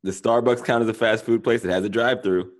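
A man with a fairly low voice co-hosting a casual sports podcast. He ribs his partner with quick, teasing remarks. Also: fairly even intonation. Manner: teasing, quick ribbing banter. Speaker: podcast co-host.

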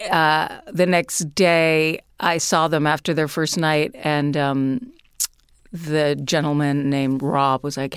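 A woman's voice: sits low, clean tone, dry recording, clean studio sound. A woman guest casually telling a personal story, chatty and full of "like" and "you know".

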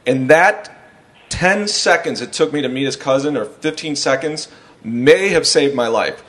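A man's voice: medium pitch, animated, unhurried, fairly bright tone. A man guesting on a podcast, telling a wild story in a rambling, profane way and often laughing through it. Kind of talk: casual storytelling.

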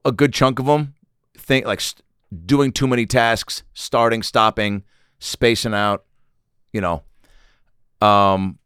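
A man's voice: on the low side, fairly bright tone, clean tone, dry recording, clean studio sound. A man hosting a podcast, telling a rambling, profane, self-mocking comedic story. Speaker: podcast host.

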